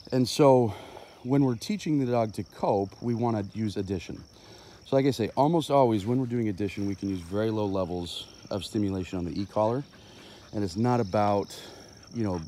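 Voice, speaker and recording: A man's voice: lowish voice, warm tone, slight background noise. A man, a dog trainer, explaining his methods in a loose, impromptu way on an outdoor walk, thinking aloud with plenty of fillers.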